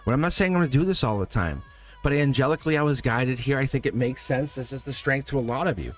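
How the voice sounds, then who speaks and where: A man hosting a live tarot stream, talking straight to his viewers in an animated way and laughing often. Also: medium pitch, fast.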